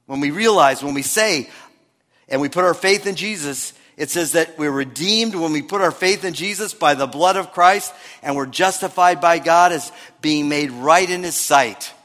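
A man preaching a sermon, moving between emphatic and hushed delivery. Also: fairly high pitch, normal speed. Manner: lively preaching, shifts between loud and hushed. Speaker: pastor. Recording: long hall reverb.

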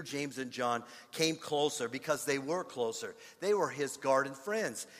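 An earnest male pastor delivering a sermon in a fairly high voice. He moves between hushed, intimate phrases and loud, emphatic ones. His words hang in the long reverb of a large church hall. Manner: earnest, rises and drops in loudness for emphasis.

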